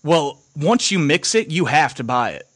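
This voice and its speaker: A man's voice: a little high, sing-song, moderate pace, a little hiss or hum. A man voicing an irate woman who runs a candy shop, scolding customers in a raised voice. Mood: stern. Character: irate middle-aged woman candy shopkeeper.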